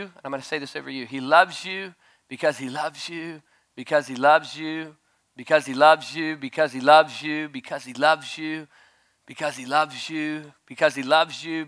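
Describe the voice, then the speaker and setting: Gravelly bright-voiced man preaching with surges. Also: a little high. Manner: storytelling preacher, surges to loud shouted peaks. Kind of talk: sermon. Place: conference stage.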